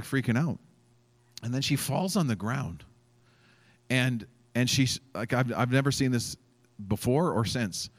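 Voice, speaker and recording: A man preaching a sermon as a pastor, telling a story in an animated way, acting out quotes and using many fillers. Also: mid-range voice. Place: church event stage.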